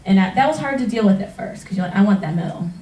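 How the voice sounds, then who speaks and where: A woman, a retired track athlete, tells her story in a personal testimonial, animated and laughing often as she acts out past conversations. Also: medium pitch, fast talker, a little hiss or hum. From United States. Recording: roomy sound from a distance.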